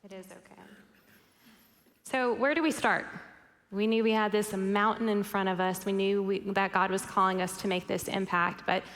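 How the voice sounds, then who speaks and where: A woman's voice: medium pitch, fairly even intonation, moderate pace, fairly bright tone. A woman giving a faith-based keynote talk to a conference audience, speaking earnestly and directly to the listeners. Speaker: conference speaker, company co-founder. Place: large conference hall. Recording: long hall reverb on stage talk.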